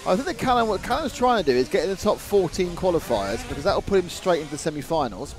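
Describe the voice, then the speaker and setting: A man's voice: sits high, sing-song, fast, over music. A man commentating a live model car race, joking and reading viewer comments aloud. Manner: jokey, chatty, reads viewer comments aloud.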